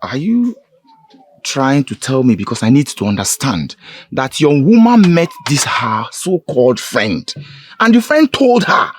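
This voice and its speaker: An actor with a Nigerian English accent plays a defensive young man insisting to his friends that he's innocent in a Nollywood film scene. His medium-pitched voice is very animated and slightly slow, with a faint hiss or hum, and background music runs under the film audio.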